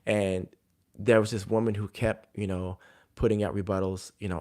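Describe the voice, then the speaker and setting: A man's voice: fairly low pitch, fairly even intonation, normal speed, darkish tone, smooth. A man who coaches athletes, giving advice to other coaches in a casual, conversational way, with plenty of fillers as he tells stories. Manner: conversational, filler-heavy storytelling. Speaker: jump coach.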